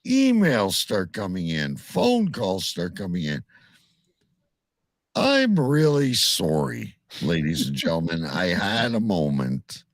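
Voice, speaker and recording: A middle-aged man co-hosting a casual chat, telling animated stories and swearing freely. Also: sits low, takes it slowly, dry recording.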